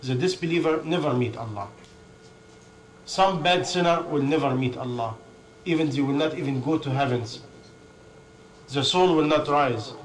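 A man with a fairly high voice delivers a sermon in non-native English. He hammers home each point with long lists and quick rhetorical questions, then answers them himself. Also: a crowd in the background, low-quality recording. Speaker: preacher.

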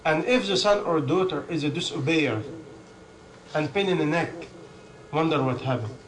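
A man with a fairly high voice delivers a sermon in non-native English. He hammers home each point with long lists and quick rhetorical questions, then answers them himself. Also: crowd noise, low-quality recording. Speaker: preacher.

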